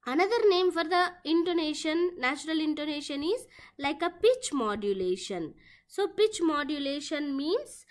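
A woman giving a classroom lecture, explaining step by step and repeating her phrases. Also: high-pitched.

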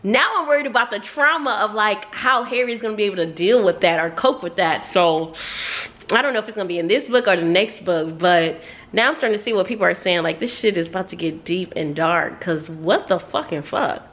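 A book vlogger chats with her viewers in a reading reaction video, speaking a little fast at medium pitch. She's animated and profane, exclaiming and cursing as she addresses them.

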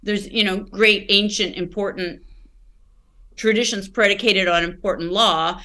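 A woman's voice: mid-range voice, fairly even intonation, a little slow, pushed and bright. A woman, a podcast guest, telling her personal story candidly and reflectively, often searching for words and restarting.

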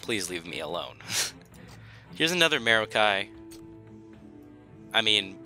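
A man's voice: on the low side, very animated, takes it slowly, pushed and bright, faint music behind. A young man commentating his own strategy game, pleading and joking at the enemy in a dramatic, self-mocking way. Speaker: gaming YouTuber. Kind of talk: gameplay commentary.

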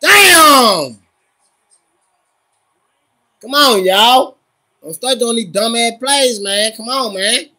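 A man livestreaming his reactions to a football game, loud and profane, cheering on and scolding his team. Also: very high voice, unhurried. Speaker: livestream host.

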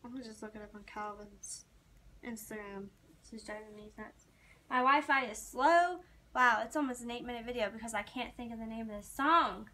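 A young woman chats to her viewers in a casual, rambling vlog. Her voice is bright and sits a little high, and she talks like an excited fan. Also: moderate pace. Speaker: vlogger. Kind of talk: casual chat to camera.

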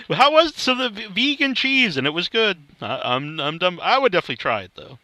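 A man's voice: high-pitched, very animated, fairly quick, sharp tone, no echo. A man interviewing a guest, asking casual questions and cracking self-deprecating jokes.

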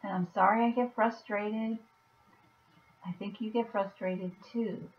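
A woman talking softly and gently to a viewer in a personal video message, reassuring, with halting pauses. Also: mid-range voice, steady tone. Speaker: vlogger. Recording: dull lo-fi recording.

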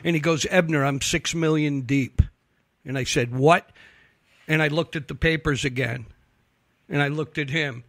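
A man spins a long, profane true-crime tale on a talk show and acts out each person he quotes. His voice sits a little high for a man. It is recorded close and dry, with no room sound. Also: moderate pace, long pauses, no echo. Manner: animated, profane storyteller acting out quotes. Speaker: investigative reporter guest. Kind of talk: casual storytelling on a talk show.

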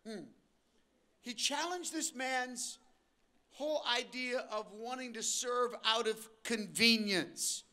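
High bright-voiced older male preacher. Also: slow. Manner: preaching with sudden shifts in pace and loudness, acting out voices of listeners. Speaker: pastor. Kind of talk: sermon. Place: church auditorium.

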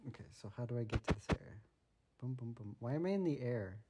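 At home, a man plays a video game alongside his son, joking around and firing off plenty of bemused questions as casual commentary. His medium-pitched voice is animated and quick, and the tablet microphone recording is very noisy.

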